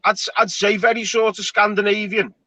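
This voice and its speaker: A man's voice: sits high, little pitch movement, brisk, sharp tone, no room sound, rough recording. A man hosting a casual online panel chat, talking in a chatty, rambling way with frequent restarts. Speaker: show host.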